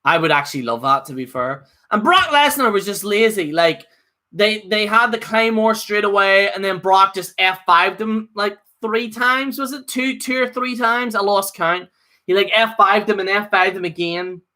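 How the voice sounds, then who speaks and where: A man's voice: high voice, normal speed, pushed and bright. A man giving a casual, opinionated live review, rambling with lots of fillers and restarts. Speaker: wrestling show reviewer.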